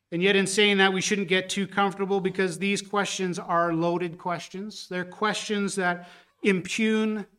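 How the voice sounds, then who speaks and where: High, bright-voiced preacher man. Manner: earnest, building to forceful rebuke with repeated restarts. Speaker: pastor. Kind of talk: sermon.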